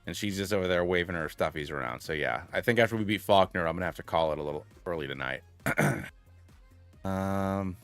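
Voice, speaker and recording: A man's voice: sits low, brisk, a bit bright, faint music behind. A man in his thirties chatting casually on a live stream, rambling with lots of fillers and self-deprecating asides. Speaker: gaming streamer.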